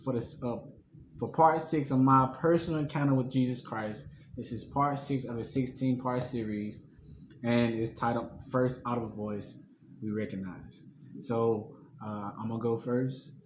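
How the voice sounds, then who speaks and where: Casual man telling a faith story. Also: medium pitch. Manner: relaxed storytelling with fillers and slang. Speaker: host. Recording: echoey room, faint noise.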